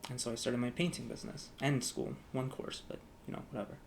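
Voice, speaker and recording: A man's voice: medium pitch, steady tone, quick pace, creaky, slight background noise. A young man talking casually to camera as a vlogger, rambling with lots of "like" fillers and acting out both sides of past conversations. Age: young adult. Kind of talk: casual storytelling vlog.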